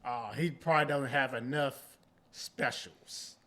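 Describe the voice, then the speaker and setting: A man's voice: mid-range voice, fairly even intonation, a little slow, pushed and bright. A man co-hosting a podcast in casual chat, laid-back but argumentative and slangy. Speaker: podcast co-host.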